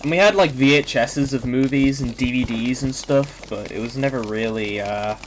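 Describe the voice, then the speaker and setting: A man's voice: mid-range voice, normal speed, slight background noise. A young adult man casually chatting while he streams a game, rambling with lots of fillers and swearing. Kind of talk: casual gaming stream chat.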